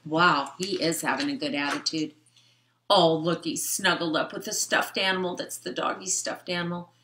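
An older woman reading a picture book to children in a gentle, chatty way, stopping to explain words and talk to the kids. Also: low-pitched, fairly even intonation, moderate pace, echoey room, slight background noise. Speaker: storytime reader.

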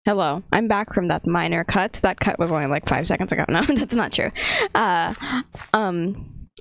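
A woman's voice: on the low side, moderate pace, creaky, a bit bright. A woman giving casual gameplay commentary, laughing often and exclaiming in playful panic. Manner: giggly, frequent bursts of laughter. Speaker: gaming video creator.

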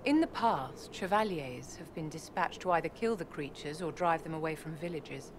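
A woman's voice: deep voice, moderate pace, close to an everyday voice. A haughty court enchantress voiced by a woman. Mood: regal, aloof. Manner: formal, stately and condescending diction. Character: haughty female court enchanter, poised, imperious, secretive. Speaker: game character. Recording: game audio with background noise.

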